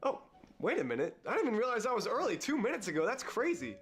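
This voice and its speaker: A young man acting a comedy sketch, excitably arguing back and forth with himself. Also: sits high, quick pace.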